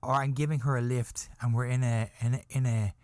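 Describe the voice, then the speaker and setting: A man's voice: mid-range voice, little pitch movement, darkish tone, dry recording. A man hosting a podcast, telling a comedic story in a rambling, repetitive way and checking in with his listener again and again. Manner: rambling, keeps checking in with "okay?"; repetitive restarts, builds up slowly. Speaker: podcast host.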